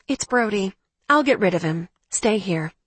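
A woman reading an audiobook, voicing a blunt, protective young woman friend who talks briskly. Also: mid-range voice, animated, breathy edge, dry recording. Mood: firm.

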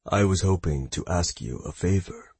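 A man voicing a formal, somewhat awkward god asking for a follower, with a husky voice. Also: low voice, normal speed, dry recording. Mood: earnest. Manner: calm, formal, slightly awkward. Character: awkward, pleading male hidden deity.

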